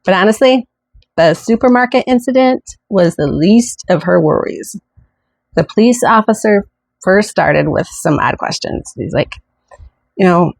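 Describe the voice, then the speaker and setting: A woman's voice: medium pitch, expressive, unhurried, creaky, no room sound. A woman hosting a podcast, telling a true-crime story in a chatty way with indignant asides. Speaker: podcast host.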